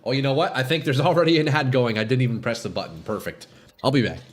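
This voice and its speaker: A man streaming a game live, chatting casually with viewers, excitable and swearing, sniffling from a runny nose. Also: medium pitch, fast talker. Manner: excitable, swears, calls chat "bro" and "dude". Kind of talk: casual live gameplay chat.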